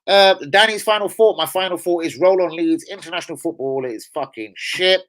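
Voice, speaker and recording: A man's voice: high voice, fairly quick, a bit bright, rough recording. A young adult man hosting a football fan livestream, chatting casually with heavy swearing and rambling banter. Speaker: football fan channel host.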